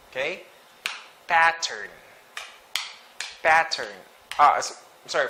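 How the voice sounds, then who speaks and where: A man teaching English pronunciation, reading sight words slowly and twice each, with short explanations. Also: on the high side, animated, pushed and bright, slight background noise. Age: adult. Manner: slow and deliberate, repeats each word twice with brief explanations.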